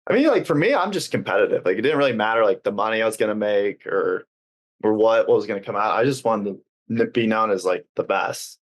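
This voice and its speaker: A man's voice: lowish voice, expressive, fast. A young man being interviewed on a podcast, talking earnestly and casually, with many uses of 'like' and hesitant restarts. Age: young adult. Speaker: guest.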